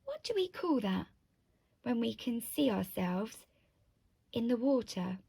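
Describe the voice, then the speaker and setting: Woman teacher, picture book read-aloud, gentle questions, slow, dry close sound. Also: a little high, big pitch swings, vocal fry, husky, no room sound. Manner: gentle, asks children questions. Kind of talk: reading a picture book to children.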